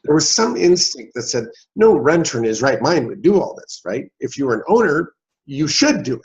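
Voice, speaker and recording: Man in his sixties, animated storyteller. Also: fairly high pitch, fairly quick. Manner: animated storyteller, acts out dialogue. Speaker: guest, real estate investor. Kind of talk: storytelling in an interview. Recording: dull, slightly lo-fi sound.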